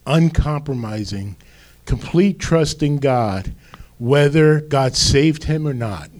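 Slow-preaching man. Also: on the high side, animated, a little mellow. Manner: slow, deliberate preaching with emphatic rises. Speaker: pastor. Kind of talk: sermon.

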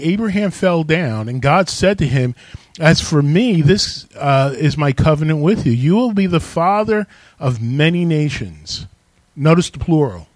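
A man's voice: on the high side, no echo. Emphatic preacher man, dry close sound. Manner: emphatic, calls on the congregation to respond. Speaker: pastor. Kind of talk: sermon.

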